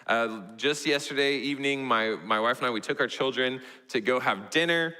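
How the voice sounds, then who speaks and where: Young male Texan pastor, bright forceful voice, animated storytelling sermon in a big echoing church. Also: moderate pace, smooth. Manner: storytelling, animated, voices his toddler in a high squeal. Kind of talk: sermon illustration. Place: church sanctuary. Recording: church hall reverb.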